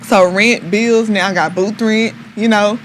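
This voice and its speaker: A young woman speaks as a podcast guest, recounting her own hard years in an open, emotional way. Her voice sits in an ordinary middle pitch, and her talk is loose and heartfelt, full of "like" fillers and restarts. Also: fairly even intonation, a little slow, a little hiss or hum. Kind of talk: candid personal storytelling.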